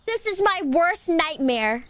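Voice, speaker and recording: High-pitched girl streamer, super expressive, swoops all over, kinda unhurried, dramatic and jokey with chat. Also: noisy background. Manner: dramatic, playfully indignant, talks to chat and her cat. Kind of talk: casual livestream chat while gaming.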